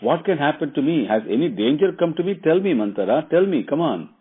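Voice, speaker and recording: A man's voice: a little high, sing-song, fast talker, slightly rough, pitched above the performer's own voice. A man voicing an anxious queen who pleads and presses with questions in a storytelling lesson. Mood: pleading. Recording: tinny phone-like line.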